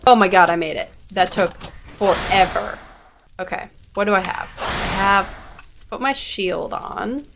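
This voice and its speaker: Slow-talking woman narrating her gameplay. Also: medium pitch, vocal fry, background noise. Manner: exasperated, self-mocking running commentary. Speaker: gaming channel host. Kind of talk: live gameplay commentary.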